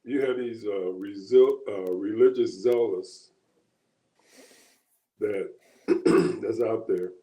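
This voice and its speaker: A man with a mellow, darker voice co-hosts a casual political chat. He thinks aloud in a halting way, circling back and restarting his sentences, and the sound rings with room echo. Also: lowish voice. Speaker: co-host.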